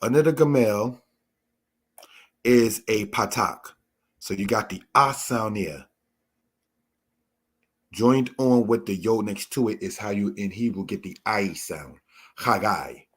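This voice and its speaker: A man with a low, husky voice gives a scripture lesson at an unhurried pace. He explains each word patiently and keeps calling his listeners brothers and sisters. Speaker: Torah teacher. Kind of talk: slow spoken Bible lesson.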